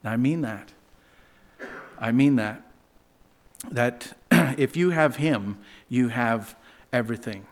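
Male pastor, middle-aged, conversational sermon with humor, medium pitch. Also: takes it slowly, long pauses. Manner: storytelling, lively and humorous, laughs at his own stories.

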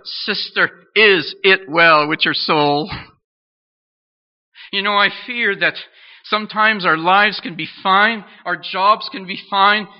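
A man preaching a sermon in an earnest, questioning way, pausing between phrases. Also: sits high. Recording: dull lo-fi sound.

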